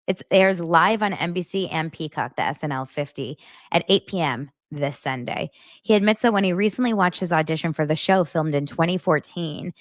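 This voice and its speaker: A woman's voice: sits low, normal speed, no room sound, studio quality. A woman hosting a casual gossip podcast, reading viewer comments and laughing and gushing over them.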